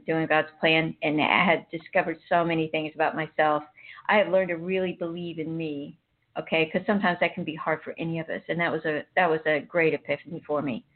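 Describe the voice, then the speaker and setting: A woman recounts a personal faith story in casual conversation, circling back often and restarting her sentences. Her voice sits a little low, and it comes through a thin, phone-like line. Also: fairly even intonation, fairly quick. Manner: emotional, rambling, frequent restarts. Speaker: guest sharing a personal story.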